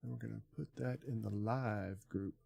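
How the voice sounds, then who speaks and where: A man's voice: lowish voice, fairly even intonation, moderate pace, creaky, a little mellow, breathy edge. A man live-streaming from a home desk setup, muttering to himself as he fumbles through settings, often trailing off. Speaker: livestreamer. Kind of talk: casual live-stream chat. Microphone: desk mic on an arm.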